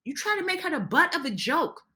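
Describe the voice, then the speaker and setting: A woman with a bright, somewhat high voice rants through a recap of a reality show. She sounds heated and indignant, tripping over restarts as she pushes her opinions. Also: sing-song, fairly quick. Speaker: reality TV commentator.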